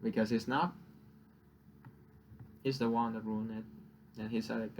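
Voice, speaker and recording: A man's voice: fairly low pitch, flat delivery, a little slow, slight background noise. A young man whose first language is Vietnamese, venting in a casual, profane rant and laughing at his own jokes. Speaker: vlogger.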